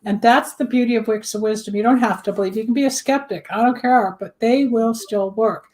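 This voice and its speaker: A woman host with a slightly high voice talks in a loose, chatty way. She explains things through homely examples. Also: a little fast, darkish tone. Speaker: host, candle magic practitioner. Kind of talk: casual talk show chat.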